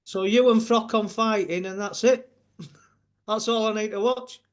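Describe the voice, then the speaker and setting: A man's voice: high-pitched, fairly even intonation, measured pace. A man in his fifties with a West Yorkshire accent, a guest chatting earnestly on a video call, rambling with many restarts. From Bradford, West Yorkshire. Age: 50s. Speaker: guest fan. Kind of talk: casual chat.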